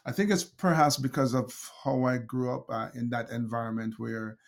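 A man's voice: mid-range voice, fairly even intonation, normal speed, gravelly. A middle-aged man with a Jamaican accent, a guest telling anecdotes with frequent laughs, fillers and restarts. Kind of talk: storytelling conversation.

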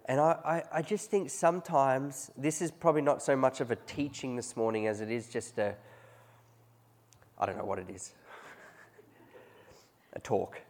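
A man's voice: medium pitch, moderate pace. A man preaching a conversational sermon, often chuckling as he tells stories to his congregation. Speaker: pastor.

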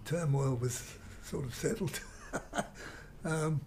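An older man telling a rambling, animated story in an interview. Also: a little high, very slow, a little hiss or hum. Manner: rambling, animated storyteller who mimics guitar sounds. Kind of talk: reminiscing anecdote.

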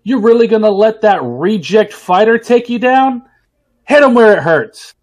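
A man's voice: high-pitched, expressive, moderate pace, voice pushed up. A man voicing a bossy male sensei who barks orders like a drill sergeant in a tabletop game. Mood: barking. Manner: barking commands.

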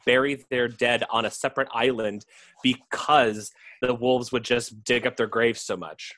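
Give me a man with a bright, clear voice, joking wryly as a podcast co-host. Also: mid-range voice, steady tone, unhurried, no room sound. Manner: wry, reactive, joking. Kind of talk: casual chat.

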